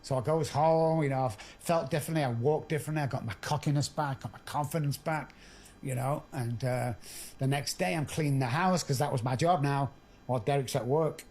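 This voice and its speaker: A man's voice: mid-range voice, brisk, a little mellow, slight background noise. A middle-aged man, a podcast guest, telling his own story candidly and earthily, acting out the dialogue.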